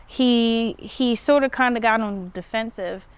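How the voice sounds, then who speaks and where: A woman hosting a podcast, casually recounting a story and jumping her pitch up high when she quotes herself. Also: measured pace, smooth. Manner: animated retelling, pitch jumps up when quoting herself. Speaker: podcast host. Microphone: phone.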